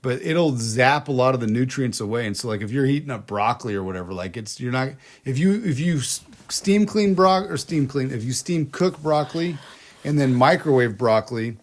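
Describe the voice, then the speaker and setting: This American podcast co-host has a mid-range voice with lively intonation and talks fairly quickly. In casual chat he spins rambling stories, restarting and laughing along the way.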